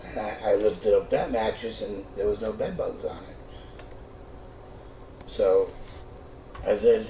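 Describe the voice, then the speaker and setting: Gravelly, cursing middle-aged storyteller man. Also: fairly low pitch, slow pace, long pauses. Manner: profane, stammering restarts, animated. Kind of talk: comic true-story telling. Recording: echoey room, distant mic, faint noise.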